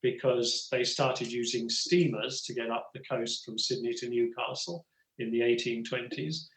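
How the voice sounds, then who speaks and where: A man's voice: mid-range voice, fairly even intonation, moderate pace, fairly bright tone. Rambling older man in a roomy space. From England. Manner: rambling, full of "you know" asides. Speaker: guest actor and writer. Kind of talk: relaxed storytelling conversation.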